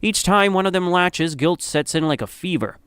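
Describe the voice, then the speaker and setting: A man's voice: high voice, expressive, moderate pace, fairly bright tone, clean tone, dry recording. A man narrating a dramatic story in the second person, in a grave, somber manner.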